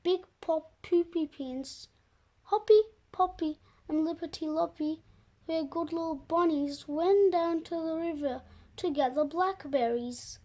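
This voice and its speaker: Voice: extremely high pitch, measured pace, mellow. A young reader reading a children's chapter book aloud with careful expression. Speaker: storybook reader.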